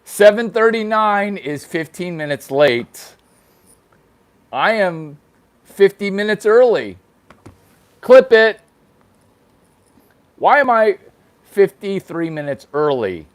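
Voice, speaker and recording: Slow-talking playful joking vlogger man. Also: high voice, big pitch swings. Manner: playful, crude jokes, exaggerated baby talk. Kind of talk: casual vlog chatter.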